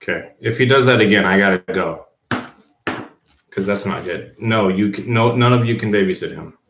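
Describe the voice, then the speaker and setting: Low-voiced male teacher, chatty, echoey room. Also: moderate pace, background noise. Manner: reads viewer comments aloud and answers them offhandedly. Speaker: teacher livestreaming to students. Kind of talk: casual livestream chat. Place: at home, below the baby's room. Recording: roomy echo.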